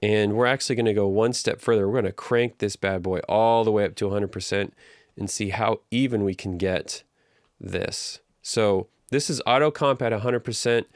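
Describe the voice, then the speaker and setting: A man teaching an audio engineering tutorial in a relaxed, conversational way, walking through each step. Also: on the low side, no room sound, studio quality. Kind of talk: casual tutorial explanation. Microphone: studio microphone through live compression.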